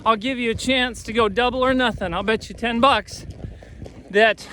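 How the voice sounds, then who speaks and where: A man's voice: very high-pitched, fairly even intonation, normal speed, sharp tone, slight background noise. A man voicing a wily old gambler in a told joke, folksy and bargaining. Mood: sly.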